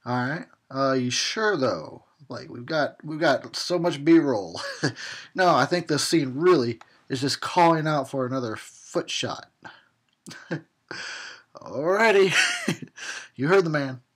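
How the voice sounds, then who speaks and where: A man's voice: mid-range voice, expressive, takes it slowly, a bit bright, slightly rough. A man giving a tipsy, sarcastic commentary on a horror film, laughing and swearing as he goes. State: tipsy from drinking.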